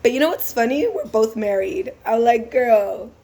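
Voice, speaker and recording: A woman's voice: fairly high pitch, sing-song, normal speed, mellow. A woman who drives for a rideshare service, telling a casual storytime vlog in a laid-back, slangy, chatty way.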